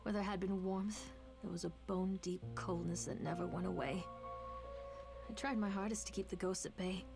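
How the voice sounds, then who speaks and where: A woman's voice: lowish voice, fairly even intonation, normal speed, vocal fry. An actress voicing a haunted, grieving young mother in a horror game, narrating in a somber, reflective way. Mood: mournful. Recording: game narration with music behind.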